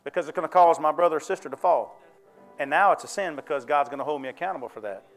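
High-voiced pastor preaching. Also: male voice, fast, faint music behind. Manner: folksy, conversational preaching with call-and-response questions. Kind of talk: sermon. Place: church.

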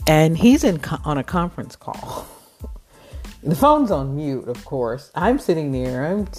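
A woman with a low, unhurried voice tells a personal story, gushing and animated as she goes. Faint music plays softly behind her. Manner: gushing, animated retelling with laughs. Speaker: podcast host.

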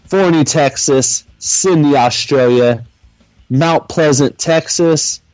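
A man hosting a wrestling podcast in casual chat, giving upbeat shout-outs and show updates. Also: a little high, slow pace, no room sound, faint music behind. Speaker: podcast host. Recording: dry, slightly dull sound.

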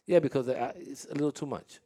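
A man's voice: mid-range voice, quick pace, warm tone, breathy edge. A man hosting a casual interview with young dancers, talking in a chatty, storytelling way with frequent laughs and restarts.

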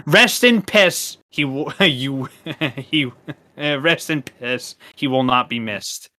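A man co-hosting a relaxed podcast, rambling through his points with lots of fillers and restarts. His voice is bright and forceful, and his tone is casual and easy to laugh. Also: medium pitch, takes it slowly. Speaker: podcast co-host.

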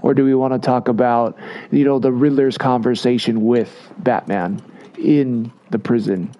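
A man's voice: mid-range voice, fairly even intonation, normal speed, warm tone. A man co-hosting a podcast, chatting casually and rambling as he steers the discussion. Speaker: podcast co-host. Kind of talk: casual chat.

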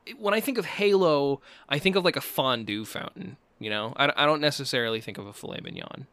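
A man in casual improvised comedy banter, halting and restarting as he thinks aloud, swearing freely. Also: mid-range voice, pushed and bright, no room sound.

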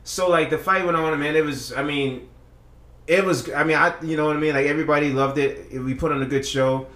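A man's voice: on the high side, steady tone, fairly quick, fairly bright tone, reverberant. A man on a casual podcast, telling a long story in a rambling, profane way with many restarts. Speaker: podcast co-host.

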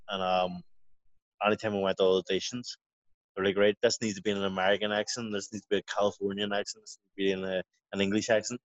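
Low-voiced man telling a rambling story. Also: no echo. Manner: rambling, swearing, full of restarts. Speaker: guest, professional boxer. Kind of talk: casual storytelling interview. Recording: dry, dull lo-fi audio.

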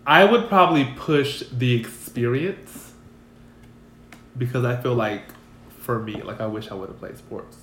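A blunt, profanity-prone co-host chatting casually on a podcast, with a wry delivery. The room gives a clear echo, and a faint ambient hum sits underneath. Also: medium pitch, lively intonation, unhurried, a bit bright. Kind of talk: casual chat.

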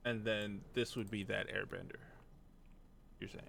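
A man's voice: lowish voice, steady tone, measured pace, gravelly, fairly bright tone, slight background noise. A man co-hosting a podcast in casual, joking banter about shows and movies. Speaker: podcast co-host. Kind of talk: casual chat.

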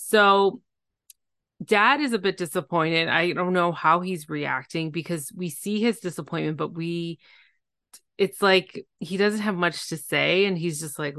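A woman with a slightly low voice, recapping a reality show in casual podcast chat. She is animated and slips into put-on voices to act out quotes. The sound is close and dry. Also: a little slow, dry recording. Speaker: podcast co-host.

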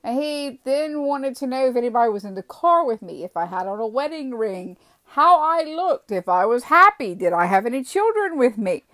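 A British woman telling a personal story in a chatty, animated vlog, acting out the dialogue as she goes. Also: fairly high pitch, normal speed, dry recording.

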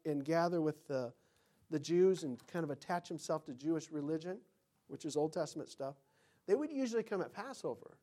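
A man with a fairly high voice preaches a sermon as a pastor, telling stories and acting out quotes. He swings between loud lines and whispered ones.

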